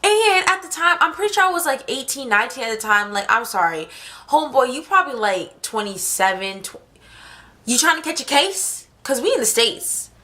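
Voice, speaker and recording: A young woman telling a story on her vlog in a lively, slangy, fast-talking way. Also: sits high. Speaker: vlogger.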